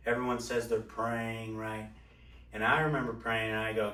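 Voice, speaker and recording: A man's voice: lowish voice, flat delivery, moderate pace, sharp tone, far from the mic. A man hosting a casual podcast, telling a long personal story in a candid, profane, rambling way. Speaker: podcast host. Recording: roomy sound from off-mic.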